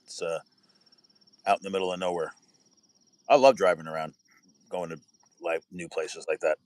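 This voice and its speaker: A man's voice: low voice, steady tone, normal speed, no room sound, rough recording. Man, casual chat, rambling anecdotes, dry close sound. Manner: rambling storyteller, retells anecdotes with quoted voices. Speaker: building inspector.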